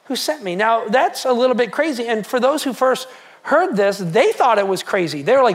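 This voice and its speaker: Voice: mid-range voice, expressive, normal speed. A pastor delivering a sermon in an easy, conversational tone. The speaker keeps turning to the congregation with questions and repeats key phrases to drive them home.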